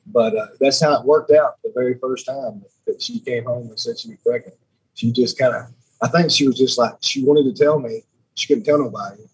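A man's voice: medium pitch, brisk, breathy edge, low-quality recording. A man, a podcast guest telling stories in a rambling, chatty way. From Alabama. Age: 30s. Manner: rambling, repeats words, laughs often. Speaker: podcast guest, sheriff's lieutenant. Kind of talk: casual storytelling chat.

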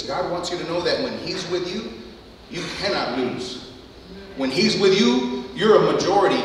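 A man preaching a sermon as pastor, building fervently to loud climaxes, recorded from far off in a church hall. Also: fairly high pitch, a little hiss or hum. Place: church sanctuary.

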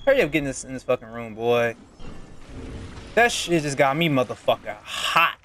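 A man's voice: mid-range voice, sing-song, moderate pace, bright, forceful tone, a little hiss or hum. A young man giving casual gameplay commentary, muttering and cursing in frustration at the game. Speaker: gaming channel host.

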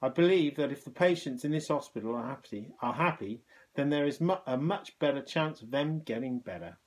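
Guy reading aloud as a gentle polite hospital porter, cheerful and humble, storybook voice. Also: mid-range voice, lively intonation, a little fast, natural voice. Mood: kindly. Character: kind, humble, cheerful middle-aged male hospital porter.

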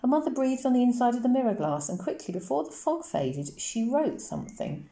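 A woman teacher reading a novel aloud to her class for a lesson, in a slow, expressive storytelling manner. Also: fairly high pitch. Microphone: camera. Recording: roomy echoey recording.

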